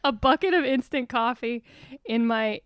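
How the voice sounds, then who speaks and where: A woman's voice: fairly high pitch, moderate pace, smooth, no room sound, clean studio sound. A young woman from the suburbs, co-hosting a comedy podcast in a swearing, ranting, over-caffeinated way. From Philadelphia suburbs. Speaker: podcast co-host. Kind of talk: casual comedic chat.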